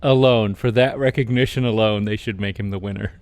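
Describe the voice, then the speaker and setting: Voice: mid-range voice, steady tone, a little fast, a little mellow, no echo. A podcast co-host reacting to stories with jokes, exclamations and laughter. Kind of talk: casual chat.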